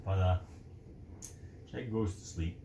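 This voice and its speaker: A man's voice: sits low, unhurried. A man casually telling a story, rambling with many fillers. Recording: roomy echo, faint noise.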